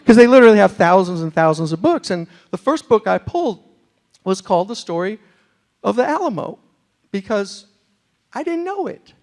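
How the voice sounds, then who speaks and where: Middle-aged male storyteller from New York, high gravelly voice, animated comic pacing, talks to the room. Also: normal speed. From New York City. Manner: animated comic delivery with audience asides. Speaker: storyteller and motivational speaker. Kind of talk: humorous storytelling talk. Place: university lecture hall.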